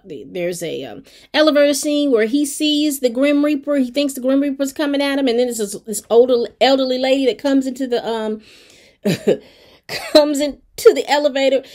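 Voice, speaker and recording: A woman who reviews TV shows talks directly to her viewers while casually recapping an episode. Her voice runs a little high, and her storytelling is expressive and colloquial, packed with fillers.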